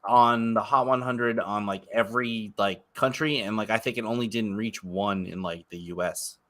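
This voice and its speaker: A man's voice: on the low side, fairly even intonation, normal speed, a bit bright. A man in his thirties co-hosting a podcast, chatting casually and enthusiastically with lots of filler words. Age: 30s. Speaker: podcast co-host. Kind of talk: casual chat.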